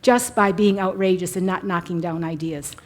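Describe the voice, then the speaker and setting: An older woman presenting a couples workshop at a conference, telling lively stories and putting on quick mock voices. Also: lowish voice. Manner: animated storytelling, mock voices. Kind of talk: conference talk. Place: church conference hall.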